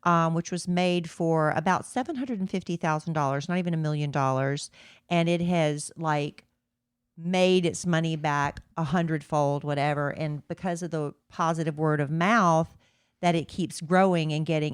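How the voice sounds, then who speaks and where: A podcast co-host with a low-sitting voice chats casually at a normal pace, rambling through asides. The sound is clean studio audio with no room noise.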